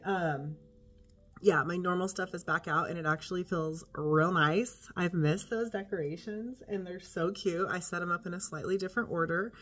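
An older woman, a teacher chatting casually to her camera, congested and breathing hard, folksy and chatty. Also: fairly low pitch. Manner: chatty, folksy, drops to soft murmurs. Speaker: teacher and vlogger.

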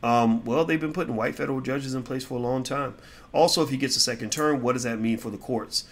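Middle-aged male commentator, mid-pitched, blunt and fired up, taking viewer questions. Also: fast. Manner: blunt, heated, swings between loud outbursts and low mutters. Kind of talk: casual opinion commentary.

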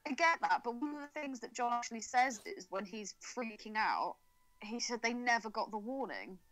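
A woman's voice: on the high side, very animated, moderate pace, fairly bright tone, rough recording. A woman co-hosting a podcast, joking and swearing with lots of laughter. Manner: giggly, sweary, sarcastic. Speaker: podcast co-host. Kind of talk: casual chat.

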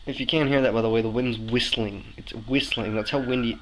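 A young man from Canada, telling a story to his camera indoors in an animated, exasperated way. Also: medium pitch, brisk, noisy background. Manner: animated, ranting, exasperated asides. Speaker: vlogger. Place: indoors, room with a window. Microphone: camera mic, talking to camera.

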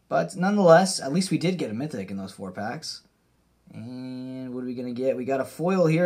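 A young man hosting a casual card-opening video, talking straight to his viewers and getting excitable over what he pulls. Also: mid-range voice, breathy edge. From Canada. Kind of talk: casual pack-opening commentary.

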